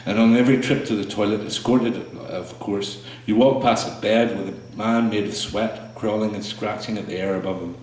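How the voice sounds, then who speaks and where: A man with a low voice reads his spoken word poetry to a small audience. His delivery is slow and halting between pieces, full of small fillers and restarts. He sits some way from the mic, and the small room rings with a strong echo. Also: fairly even intonation, darkish tone. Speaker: poet performing his work. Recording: echoey room, mic far off.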